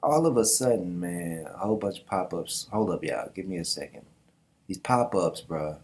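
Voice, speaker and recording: A man hosts a casual manga reaction and comments in loose slang. He often breaks into laughing asides. His voice sits on the low side. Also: lively intonation, normal speed, darkish tone.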